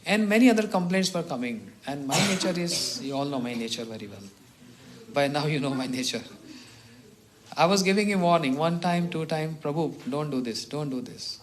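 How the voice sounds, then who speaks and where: Middle-aged man, a monk teacher, relaxed storytelling talk with frequent chuckles, slightly high pitch. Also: moderate pace, noisy background. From India. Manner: chuckles often, clears throat.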